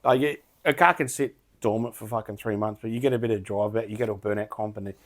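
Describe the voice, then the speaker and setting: A man's voice: lowish voice, fast talker. A man hosting a podcast in casual chat, blunt and swearing freely. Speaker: podcast host.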